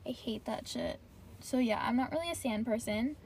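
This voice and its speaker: A woman's voice: a little high, normal speed, a little mellow, slight background noise. Profane young woman ranting. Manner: profane, complaining, heavy use of "like". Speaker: podcast host. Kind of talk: casual solo podcast rant. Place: parked in her car.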